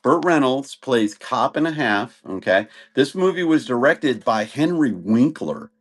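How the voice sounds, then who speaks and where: A talkative man runs a casual live-stream sale. His pitch moves up and down a lot as he chats, and his voice sits in the middle of the male range. He rambles loosely and keeps adding little fillers. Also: lively intonation, a little slow. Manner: rambling, chatty, says "and stuff" often. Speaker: live auction seller.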